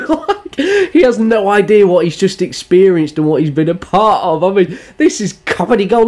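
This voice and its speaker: A man's voice: high-pitched, big pitch swings, moderate pace, hardly any pauses, darkish tone. A man giving loose, joking reaction commentary on video clips, swearing and laughing as he goes. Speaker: YouTube commentator.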